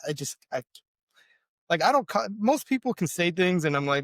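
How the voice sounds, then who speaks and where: Slightly high and sing-song, this man's fairly bright voice moves briskly, recorded with no room sound. He co-hosts a podcast, rambling through casual self-deprecating talk full of fillers and false starts.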